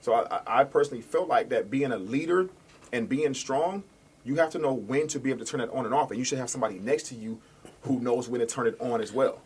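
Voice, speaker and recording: A man's voice: mid-range voice, quick pace, breathy edge. A male guest in casual chat, making his point with rhetorical questions in a persuasive way.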